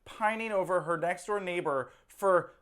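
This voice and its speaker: A woman co-hosting a casual movie review podcast, talking in a relaxed way and laughing along as she reasons her points through. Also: fairly low pitch, normal speed. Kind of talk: casual chat.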